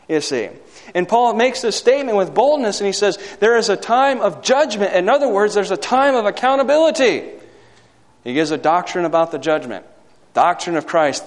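Man preaching an emphatic sermon in a reverberant hall. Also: high voice. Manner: swings from loud emphatic peaks to quiet asides; asks the congregation for amens. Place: hall or church.

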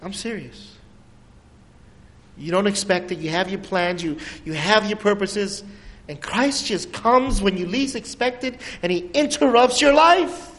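Pastor, male, high voice, animated sermon delivery with big pitch swings and quiet drops, long hall reverb. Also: moderate pace.

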